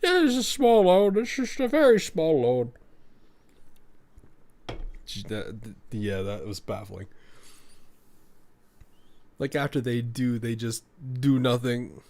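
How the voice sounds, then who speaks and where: A man's voice: medium pitch, big pitch swings, takes it slowly, pauses often, darkish tone. A man streaming a story game, reading its dialogue aloud and chatting between lines in a rambling, laughing way.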